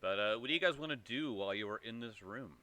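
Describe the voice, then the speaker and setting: Bright-voiced male game master. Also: fairly low pitch, lively intonation. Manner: halting, with many fillers and repeats. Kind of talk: narrating a tabletop game.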